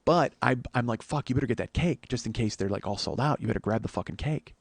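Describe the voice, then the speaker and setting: On a podcast, a man tells a long comic story, swearing freely, acting out both sides of a conversation and breaking into laughter. His medium-pitched voice is fast and has vocal fry, with no room sound.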